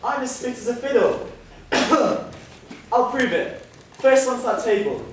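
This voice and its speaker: A man's voice: very high-pitched, very animated, unhurried, a little hiss or hum, heavily acted. A student actor playing a stubborn, coughing old father in a school stage play, recorded from far off in an echoey hall. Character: frail coughing old father who insists he is fit.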